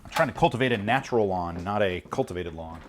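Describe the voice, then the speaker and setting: Man, very low voice, lively ups and downs, laid-back swearing stream chat. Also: fast, a little hiss or hum. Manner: rambling, swearing, chuckling, mutters asides. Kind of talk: casual livestream chat.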